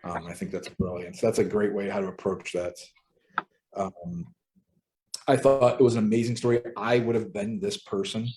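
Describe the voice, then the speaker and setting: A man leading a casual book study group from home over a video call, relaxed and conversational with frequent ums. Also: lowish voice, moderate pace, slight background noise.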